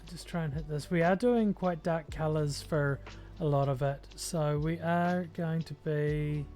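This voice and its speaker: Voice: medium pitch, unhurried, darkish tone. Rambling New Zealand streamer with faint music. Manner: rambling, many ums, thinks aloud while painting. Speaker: streamer painting miniatures. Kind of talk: casual livestream chat while working.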